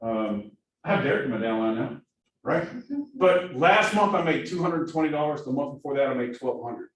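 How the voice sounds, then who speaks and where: Energetic coach with a Southern accent. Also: male voice, medium pitch, normal speed. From Missouri. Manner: energetic, keeps asking "right?". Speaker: productivity coach. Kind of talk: classroom training talk. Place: classroom. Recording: echoey room from far off, faint hiss.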